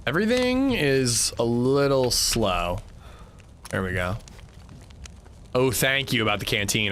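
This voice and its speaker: A male streamer chats with his viewers as he plays, his voice lively and swinging up and down. His tone is bright and forward. Faint game sounds sit behind him. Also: medium pitch, slight background noise. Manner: chatty, answers chat, swears when annoyed. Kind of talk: casual livestream chat while gaming.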